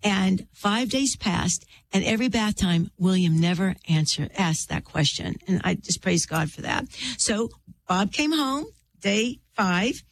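A middle-aged woman, an author and interview guest, tells a personal faith story in an earnest, heartfelt way with drawn-out pauses and a preacherly lilt. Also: medium pitch, lively intonation.

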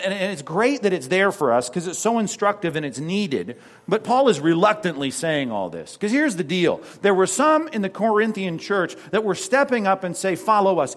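A middle-aged man preaching a sermon as pastor, animated, with sudden drops to a hush and mocking asides. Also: a little high.

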